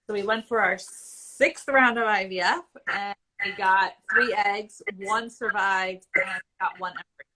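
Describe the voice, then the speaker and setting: A woman in her forties with a bright, forward tone tells her own story in a live Q&A. She talks candidly and conversationally, and at times she is emotional. Her pitch sits in the middle for a woman. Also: unhurried, few pauses, rough recording. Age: 40s. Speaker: IVF patient guest.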